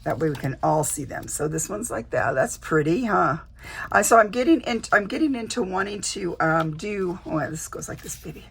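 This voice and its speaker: A woman's voice: on the low side, lively intonation, moderate pace, vocal fry, a little hiss or hum. A woman chatting casually to camera, showing off a journal she received in a swap, with lots of fillers and restarts. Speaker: junk journal vlogger. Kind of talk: casual show-and-tell chat.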